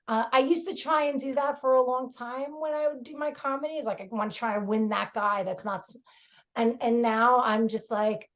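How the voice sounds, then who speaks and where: A woman's voice: fairly high pitch, fairly even intonation, normal speed, fairly bright tone. A woman comedian with a New York accent, chatting frankly on a podcast with lots of fillers and laughter. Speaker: comedian guest. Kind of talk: casual podcast chat.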